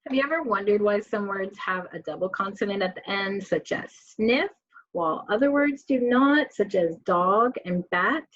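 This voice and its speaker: A woman's voice: medium pitch, animated, a bit bright, no echo, highs cut off. A woman teacher giving a spelling lesson to children, reading words aloud one by one and asking the class questions. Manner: slow, clear word-by-word reading with questions to students.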